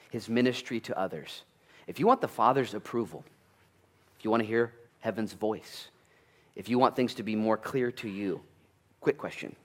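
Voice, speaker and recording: A male pastor preaching a sermon in an animated, conversational way, with jokes, asides and sudden loud bursts. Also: fairly low pitch. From United States.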